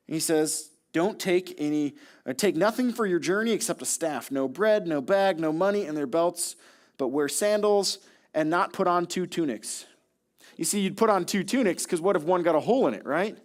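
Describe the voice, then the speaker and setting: A young man with a high voice preaches a sermon, acting out lines for Jesus and the crowd. He jumps between voices and tells stories with lively energy. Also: normal speed. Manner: animated storytelling, acting out voices of Jesus and listeners. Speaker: pastor.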